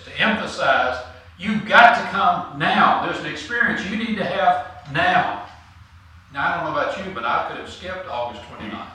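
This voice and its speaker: A man preaching a sermon, with a fairly high, bright and forceful voice. He talks earnestly and pushes hard on the key points. The room echoes heavily and the mic sits some way off. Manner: earnest, rising to emphatic for scripture and key points. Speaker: pastor. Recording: roomy echo, mic at a distance.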